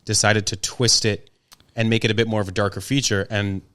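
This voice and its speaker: A man's voice: lowish voice, flat delivery, a little fast, fairly bright tone, smooth, dry recording. A man from Canada hosting a podcast, asking a friend questions in a friendly, loose way. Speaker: podcast host. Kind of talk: casual interview chat.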